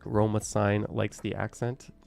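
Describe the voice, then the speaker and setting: A man's voice: fairly low pitch, little pitch movement, unhurried, vocal fry, a little mellow. A man casually chatting on a live stream, reading out viewer comments and rambling with a hesitant, trailing-off manner.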